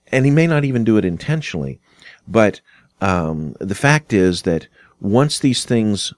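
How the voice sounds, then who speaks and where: Guy with a really low voice talking thru a lesson, dry sound, easygoing and explaining. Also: no room sound. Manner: unhurried, explanatory, acts out quoted dialogue. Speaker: instructor on arguments and fallacies. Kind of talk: casual spoken lecture.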